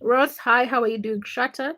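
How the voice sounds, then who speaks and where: Bright, high-voiced woman livestreamer. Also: fairly even intonation, normal speed. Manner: teasing and laughing, reads chat names aloud. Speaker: livestream host. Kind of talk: casual livestream chat, reading comments.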